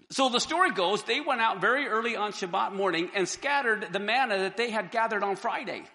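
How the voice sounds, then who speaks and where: A Bible teacher with a high, bright, gravelly voice teaches scripture with animated energy. He slips into character to act out the crowds and Moses, and the audio has a long hall reverb.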